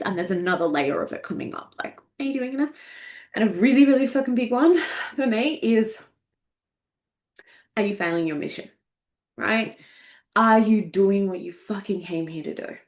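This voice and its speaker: A woman in her forties, a coach, talking candidly and emotionally, swearing freely and laughing at herself. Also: mid-range voice. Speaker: energetics coach. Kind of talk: candid casual monologue.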